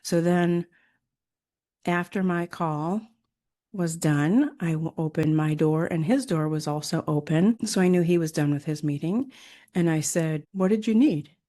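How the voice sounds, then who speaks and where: A woman's voice: low-pitched, a little slow, dark tone. A middle-aged woman, a hypnotherapist and former nurse, casually telling personal stories in a rambling way, with many fillers and restarts. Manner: rambling, with frequent fillers and self-corrections.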